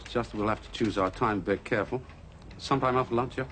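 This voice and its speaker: An actor playing a dry, weary middle-aged police chief in a TV drama. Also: male voice, mid-range voice, fast talker, a bit bright, a little hiss or hum, natural voice. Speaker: senior police officer. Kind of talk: 1980s British TV drama.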